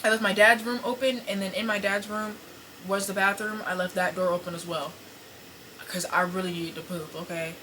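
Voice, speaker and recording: A young woman hosting a podcast, telling an embarrassing story to camera in a casual, animated, profane way, full of fillers and apologies. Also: mid-range voice, normal speed, slight background noise, poor audio. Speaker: podcast host. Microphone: camera set up in front of her.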